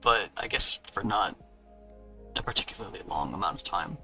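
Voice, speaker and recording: An author hosting a book launch livestream chats and rambles with viewers in a Californian accent, laughing often and thanking them as he goes. His lowish voice is bright, forward and expressive at a normal pace. The distant mic gives a dull, lo-fi sound with faint music in the background.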